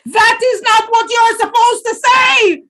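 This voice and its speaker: A woman voicing a greedy, tricky male spider who coaxes sweetly and then shouts in a high voice. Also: slow pace. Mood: furious. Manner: sweet wheedling voice turning to shrill shouting.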